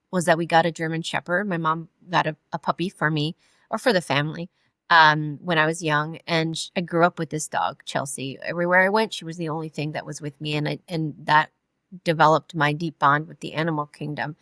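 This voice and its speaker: A woman in her forties from California, a podcast guest telling her life story in a halting way with many fillers and restarts. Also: deep voice, a bit bright, no room sound. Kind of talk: personal storytelling in an interview.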